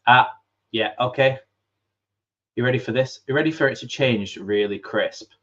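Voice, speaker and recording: A man's voice: medium pitch, moderate pace, fairly bright tone, dry recording. A man hosting a live football watchalong from his home computer, chatting loosely with lots of fillers and restarts. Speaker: football fan channel host. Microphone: desk microphone.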